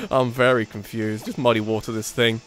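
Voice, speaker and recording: A man's voice: medium pitch, big pitch swings, moderate pace, fairly bright tone, faint music behind. A man giving casual let's play commentary while playing, thinking aloud and often restarting his sentences.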